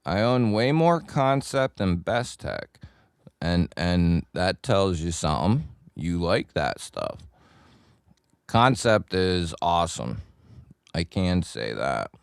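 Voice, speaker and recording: Casting note: unhurried man with a deep, smooth voice, a chummy livestream host, dry close sound. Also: big pitch swings, no room sound. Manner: greets chat viewers by nickname, laid-back and chummy. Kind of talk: casual live chat with viewers.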